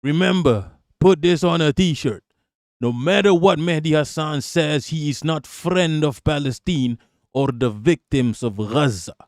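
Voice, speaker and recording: Male stream host with a higher-than-usual voice and a dry, close sound, ranting hard and swearing freely. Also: unhurried, no room sound. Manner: heated, profane, repeating for emphasis. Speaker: streamer reacting to political clips. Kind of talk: live-stream commentary.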